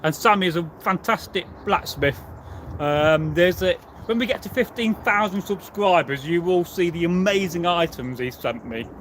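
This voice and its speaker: A man's voice: high-pitched, expressive, moderate pace, a bit bright, a little hiss or hum. A man, a history channel host answering viewers in a rambling, casual live chat full of fillers. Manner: rambling and chatty, with many fillers and restarts.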